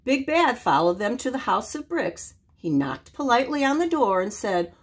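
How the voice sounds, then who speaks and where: An older woman reading a children's story aloud, expressive and animated. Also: fairly high pitch, normal speed, hardly any pauses, breathy edge.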